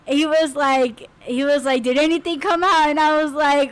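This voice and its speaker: A woman hosting a podcast, telling a story in casual chat, animated and laughing as she acts out her own screams. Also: high-pitched, normal speed, background noise. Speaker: podcast host.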